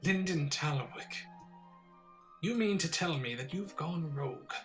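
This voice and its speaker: A man's voice: a little high, animated, unhurried, soft background music. A man voicing a stern, commanding woman archmage who speaks in clipped, formal sentences.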